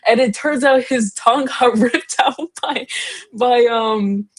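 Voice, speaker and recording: A woman's voice: on the high side, slow. A woman co-hosting a casual book discussion podcast, recapping chapters in a rambling, slangy way full of fillers and giggles. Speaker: co-host, daughter.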